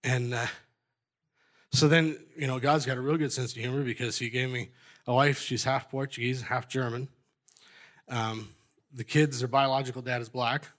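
A man's voice: mid-range voice, steady tone, moderate pace, a bit bright. A middle-aged man giving a rambling personal testimony at a church gathering, restarting sentences and joking at his own expense. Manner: rambling, self-interrupting, jokey.

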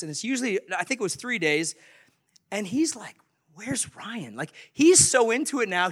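A man's voice: sits high, sharp tone. A man telling a story animatedly to an audience, often chuckling.

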